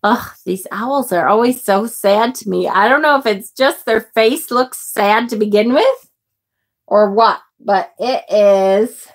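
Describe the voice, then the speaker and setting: A woman's voice: medium pitch, slow pace. A middle-aged woman hosting a live tarot stream in a chatty way, greeting viewers, reading out their comments and getting emotional over the card pictures. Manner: emotional, gasps and exclaims over card images. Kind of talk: casual live-stream chat.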